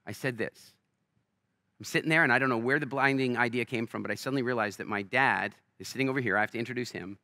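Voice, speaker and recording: A man's voice: mid-range voice, no room sound, studio quality. A man giving a motivational talk on a festival stage, telling stories energetically and acting out the people in them. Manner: energetic storyteller, acts out quoted voices. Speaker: keynote speaker.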